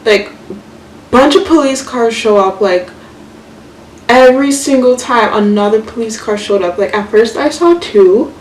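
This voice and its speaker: A young woman vlogger telling a story casually while doing her makeup, chatty and animated, full of fillers and swearing. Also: fairly high pitch, unhurried. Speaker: beauty vlogger. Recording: echoey room, mic far off, faint hiss.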